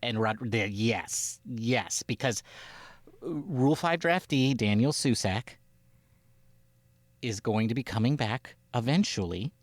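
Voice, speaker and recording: Animated man rambling about baseball. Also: medium pitch, slow, no room sound. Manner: animated, rambling, acts out quotes. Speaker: podcast co-host. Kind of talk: casual sports chat.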